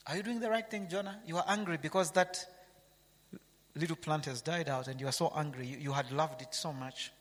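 A man's voice: a little high, brisk, long reverb tail. A man preaching a sermon, reading scripture aloud and asking his listeners rhetorical questions.

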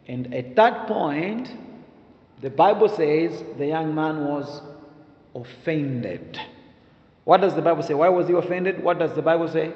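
Slow-speaking preacher in an echoey hall. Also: male voice, a little high, expressive. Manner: emphatic, repeats key phrases, tells stories with a laugh. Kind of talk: sermon. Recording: echoey hall, dull lo-fi sound.

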